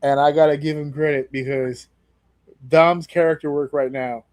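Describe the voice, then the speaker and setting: A man co-hosting a casual podcast, storytelling with animated energy and frequent swearing. His voice sits a bit high for a man. The sound is dry and close, with no room echo. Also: normal speed. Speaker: podcast co-host. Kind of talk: casual chat.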